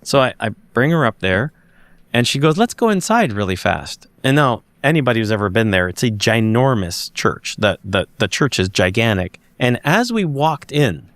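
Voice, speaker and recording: A man's voice: mid-range voice, moderate pace, no echo. A man, a podcast guest, telling a personal story casually and acting out the dialogue as he goes. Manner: animated storyteller who acts out the dialogue. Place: lives in Montreal.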